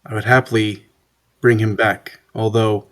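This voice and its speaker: A man voicing a grim male healer with a dark edge, speaking slowly and low. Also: little pitch movement. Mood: grim calm. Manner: slow, low and deliberate. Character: grim male healer-necromancer, calm and unsettling.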